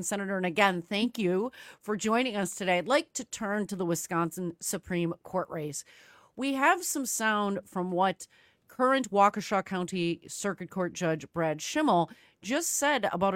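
A woman hosting a radio talk show, brisk and direct, speaking to her listeners as folks. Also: mid-range voice, no room sound, clean studio sound.

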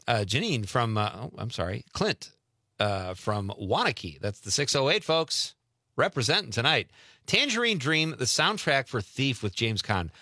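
A man's voice: fairly low pitch, bright, forceful tone, dry recording, studio quality. A middle-aged man from Wisconsin hosting a call-in radio show, chatting casually and laughing often as he reads out listener messages.

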